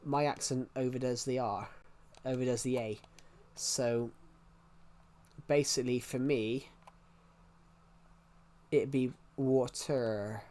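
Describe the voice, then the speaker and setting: A man's voice: mid-range voice, fairly even intonation, takes it slowly, long pauses, darkish tone. A man streaming a game and chatting casually with his viewers, answering their questions. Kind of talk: casual livestream chat.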